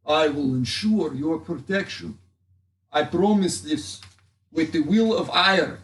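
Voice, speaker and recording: A man voicing a grandiose male space politician with a put-on Russian accent, giving slow, pompous speeches. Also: fairly high pitch, lively intonation, echoey room, distant mic. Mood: rousing.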